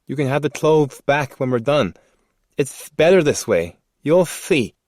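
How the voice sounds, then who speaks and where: Man putting on a lisping, gentle sick killer. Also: a little high, lively intonation, unhurried, no echo, clean studio sound, voice pushed up. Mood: pleading. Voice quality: lisp. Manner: coaxing, soothing, eerily gentle. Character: sick, soft-spoken male killer with a lisp.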